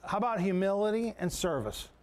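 High-voiced male pastor preaching conversationally. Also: animated, brisk. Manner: conversational preaching with repeated words and restarts. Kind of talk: sermon.

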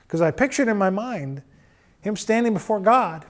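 A middle-aged man preaching a sermon, swinging between loud urging and quiet storytelling. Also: sits high, animated, normal speed.

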